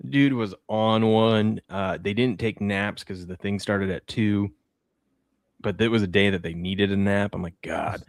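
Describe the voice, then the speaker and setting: A man in his thirties hosting a casual talk show, telling animated stories about his kids. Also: lowish voice, measured pace, dry recording, studio quality. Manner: animated storyteller, acts out a toddler's shrieks. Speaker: podcast host. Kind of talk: casual chat.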